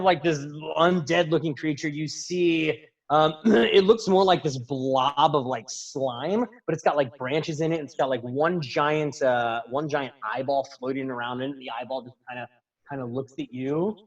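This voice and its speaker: A man's voice: a little high, moderate pace. A man running a tabletop game as game master, narrating in a loose, chatty way with many fillers. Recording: distant dull sound.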